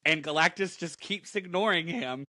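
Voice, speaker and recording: A man co-hosting a comic book podcast, recapping the story in a casual, dramatic and animated way. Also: fairly high pitch, normal speed, no echo, studio quality.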